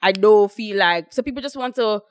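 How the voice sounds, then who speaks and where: A woman's voice: mid-range voice, normal speed, dry recording, studio quality. A young woman with a Jamaican accent chatting casually on a podcast, rambling with lots of fillers and quoting what others say. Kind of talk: casual chat.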